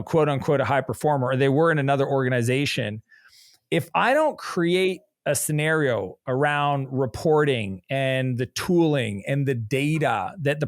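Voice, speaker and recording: A middle-aged man speaking as a business coach in a conversational interview, an energetic storyteller who jumps into animated quoting of others. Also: fairly high pitch, no echo, studio quality.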